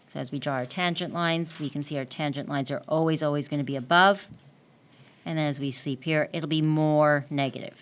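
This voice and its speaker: A woman's voice: low voice, fairly bright tone. A woman math teacher giving a classroom lecture, explaining step by step while she draws and often checking in with "right?".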